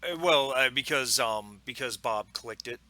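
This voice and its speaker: A man running a tabletop game as game master, explaining rules and narrating scenes in a relaxed way with many fillers. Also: mid-range voice, unhurried, no echo.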